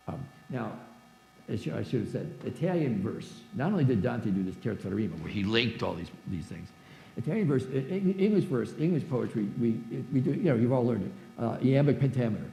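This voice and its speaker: Gravelly-voiced man in his seventies lecturing. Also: medium pitch, big pitch swings, darkish tone, echoey room, slight background noise, poor audio. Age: 70s. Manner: halting, many restarts, reads verse aloud. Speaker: guest lecturer. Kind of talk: church forum lecture. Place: church hall, echoey.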